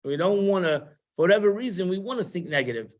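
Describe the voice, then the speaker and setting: A man's voice: high-pitched, expressive, quick pace. A man giving an informal Torah lesson, conversational and repetitive, sprinkling in Hebrew and Yiddish terms. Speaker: Torah class teacher. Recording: muffled live-stream audio.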